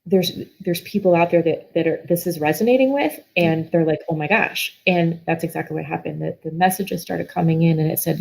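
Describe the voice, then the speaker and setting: A woman's voice: on the low side, moderate pace, gravelly, poor audio. A middle-aged woman guest telling a personal story in an earnest, emotional way, often restarting her sentences.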